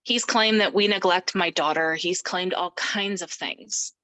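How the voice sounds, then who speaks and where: A middle-aged woman telling her personal story as an interview guest, animated and acting out the voices of people she quotes. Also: fairly low pitch, measured pace, poor audio. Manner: animated, acts out quoted speech.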